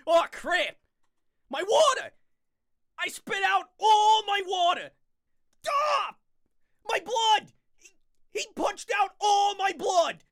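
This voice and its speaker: A young man playing a hyper, fast-talking scout character from a game in a comic impression, frantic and yelping. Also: extremely high pitch, big pitch swings, bright, forceful tone, exaggerated voice.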